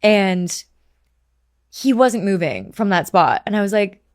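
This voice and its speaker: A young woman in her twenties, a podcast guest, telling a story in a lively, animated way and swearing freely in casual chat. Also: medium pitch, unhurried, no echo, studio quality. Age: 20s.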